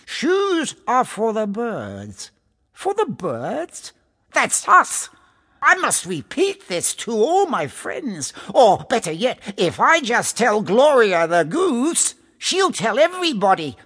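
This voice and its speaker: A man voicing an excitable male parrot who repeats everything he hears, in an audiobook. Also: very high-pitched, slow, husky, pitched above the performer's own voice, exaggerated voice. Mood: excited. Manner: squawky, repetitive, excitable. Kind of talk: audiobook character voice.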